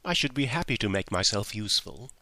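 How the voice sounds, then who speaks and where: Brief: man doing firm polite young governess, bright tone, low voice. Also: animated, brisk, no echo, exaggerated voice.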